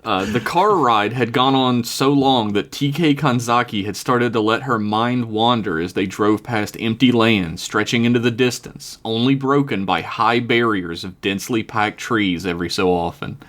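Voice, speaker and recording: A man's voice: mid-range voice, moderate pace, hardly any pauses, fairly bright tone. A man reading his own story aloud on a podcast, chuckling now and then at his own jokes.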